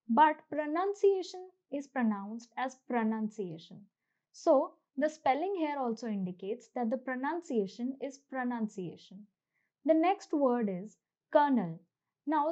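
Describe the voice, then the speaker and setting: High-voiced woman teaching pronunciation. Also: darkish tone, lo-fi sound. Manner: slow, careful teacherly delivery with drilled word lists. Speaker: English teacher. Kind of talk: online pronunciation lesson.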